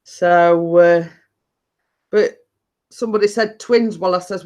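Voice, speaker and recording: A woman's voice: on the low side, slow pace, darkish tone. A middle-aged woman, chatting casually with viewers as a live stream host, laughing often and restarting her sentences.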